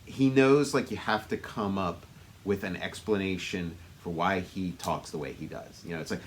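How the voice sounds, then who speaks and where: A man's voice: sits low, normal speed, a little hiss or hum. A man co-hosting a podcast, chatting casually about movies in a musing way that trails off into restarts. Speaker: podcast co-host.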